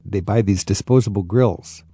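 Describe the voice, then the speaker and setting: A man's voice: fairly low pitch, moderate pace, mellow, breathy edge, no echo, studio quality. A man hosting a radio talk show, chatty and enthusiastic as he interviews a guest and riffs with vivid anecdotes.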